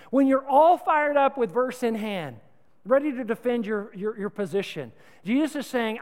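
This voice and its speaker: Animated high-voiced male preacher. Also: normal speed, long reverb tail. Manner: animated, conversational, humorous, exhorting. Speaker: pastor. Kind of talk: sermon.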